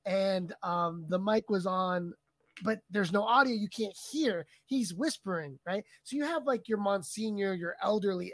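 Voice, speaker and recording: A man co-hosting a podcast, telling stories with lively energy and frequent laughter. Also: high-pitched, no echo. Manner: lively storyteller, laughs often. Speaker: podcast co-host and video editor. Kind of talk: casual podcast chat.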